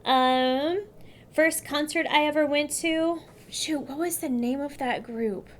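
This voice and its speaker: Friendly woman from California, casual to-camera vlog chat, a touch high-pitched. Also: takes it slowly, a little hiss or hum. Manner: chatty, upbeat, addresses viewers directly. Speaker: beauty vlogger.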